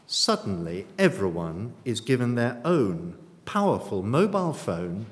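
Slow preacher in a reverberant church. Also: male voice, medium pitch. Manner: lively rhetorical questions, dry humour. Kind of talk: sermon.

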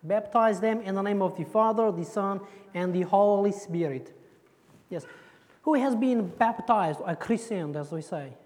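A woman's voice: mid-range voice, a little slow, darkish tone. A woman giving a playful children's sermon in church, joking and quizzing her audience. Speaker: preacher leading a children's talk. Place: church hall. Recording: echoey church hall.

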